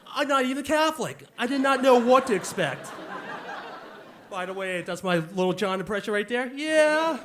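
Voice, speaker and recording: A man's voice: high voice, background noise. A man in his forties telling a jokey, punchy story live on stage into a handheld mic.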